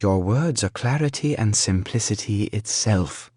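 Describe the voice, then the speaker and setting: A man voicing a sly, genteel male merchant who speaks gently with mild mockery. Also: on the low side, expressive, measured pace, dry recording, studio quality. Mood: wry. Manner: gentle, mildly mocking.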